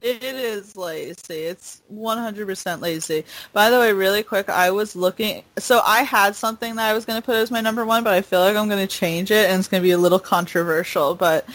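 A young adult woman co-hosting a podcast in casual chat, blunt and quick, swearing casually. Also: medium pitch, fairly bright tone, rough recording. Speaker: podcast co-host.

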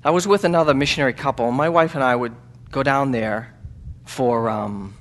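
In a church sanctuary, a missionary with a mid-range voice tells a story during a sermon. He starts out halting, with ums and restarts, then builds to loud, fervent preaching.

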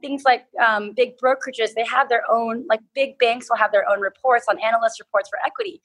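A woman's voice: fairly high pitch, fairly even intonation, brisk, a bit bright, husky. A woman interviewed as a guest, explaining investment ideas step by step with examples. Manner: explanatory, walks through examples. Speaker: guest, crypto investment entrepreneur. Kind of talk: conversational interview.

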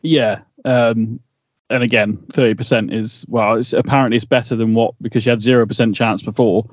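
Flat and fairly quick, a medium-pitched man co-hosts a podcast, chatting casually and rambling with lots of fillers and restarts. It's a dull, dry, lo-fi recording.

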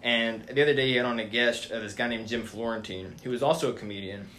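A man's voice: mid-range voice, fairly even intonation, fast talker, pushed and bright, slight background noise. A young man co-hosting a casual podcast, chatty and rambling, with frequent fillers as he talks. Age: young adult. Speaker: podcast co-host.

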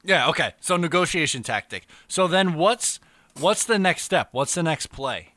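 A man's voice: a little high, animated, moderate pace, bright, forceful tone, no echo. A man hosting a casual chat in a laid-back way, with fireworks popping outside. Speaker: podcast host.

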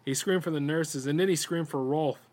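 A man, a podcast host, reading a horror story aloud in a steady storytelling voice with small stumbles. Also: on the high side, normal speed.

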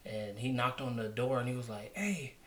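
A man co-hosting a podcast, chatting casually and telling a work story in a rambling, relaxed way. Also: mid-range voice, a little fast, a little hiss or hum. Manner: relaxed, rambling, laughs often. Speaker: podcast co-host.

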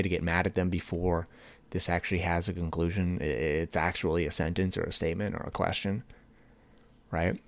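A young man talks through his own podcast with a deep, low voice. He rambles and restarts often, and he acts out texts in a higher, excited voice. The sound is dry and close, with no room echo. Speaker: podcast host. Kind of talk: casual solo podcast talk.

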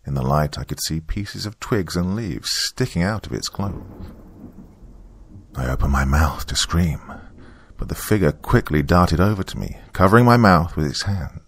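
Very deep-voiced man narrating horror. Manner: measured, hushed storytelling.

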